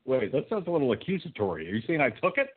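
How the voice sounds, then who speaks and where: A husky-voiced man cracks crude jokes in a dry, deadpan way, his pitch rising and falling widely. The audio is narrow and tinny, like a phone call. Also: very fast. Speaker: podcast co-host. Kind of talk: crude casual banter.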